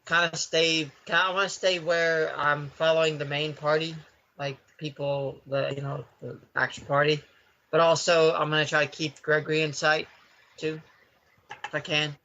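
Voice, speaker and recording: A male player with a bright, tense voice talks over a muffled, lo-fi call connection. He rambles and corrects himself as he explains his move. His pitch sits a little above average. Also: level tone, moderate pace. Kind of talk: casual game talk. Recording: dull online call audio.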